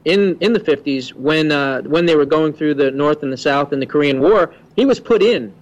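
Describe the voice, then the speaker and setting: A man who is a guest on a political talk radio show, explaining his views in a steady, confident way. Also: a little high, normal speed, lo-fi sound.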